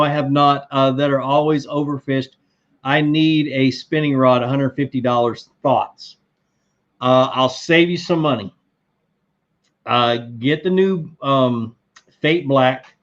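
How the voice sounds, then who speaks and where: A middle-aged man with a mid-range voice hosts a live fishing stream, chatting casually and answering viewer questions. He rambles in a relaxed way, full of fillers and restarts, and the audio sounds dull.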